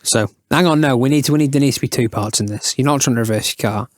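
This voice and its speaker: A man's voice: medium pitch, fast, no echo, studio quality. A man hosting a casual podcast chat in a playful way, setting up comic challenges for his guests. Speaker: podcast host.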